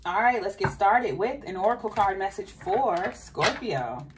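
A woman's voice: medium pitch, expressive, measured pace, distant mic, noisy background. Chatty woman with a slight Southern accent. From Southern United States. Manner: chatty, thinking aloud, repeats questions to spirit. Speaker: tarot reader. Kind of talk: casual tarot reading monologue.

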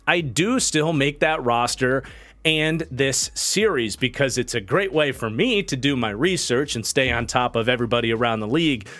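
A man's voice: medium pitch, a bit bright. A man with a nasal, congested voice from a cold, hosting his own channel and giving casual football commentary. He talks in a chatty way, thinking aloud with fillers and restarts. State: recovering from a cold. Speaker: football analyst and channel host.

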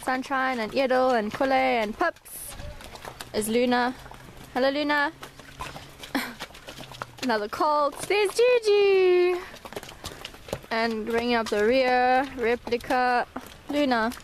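A woman walks through her stables filming a casual vlog, chatting with viewers and calling to the horses in a high sing-song. Her intonation stays fairly even and she takes her time, with slight background noise.

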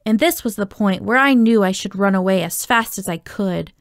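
A woman reading a children's novel aloud, telling the story in a steady, expressive way. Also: medium pitch, normal speed, no room sound, studio quality. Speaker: audiobook reader.

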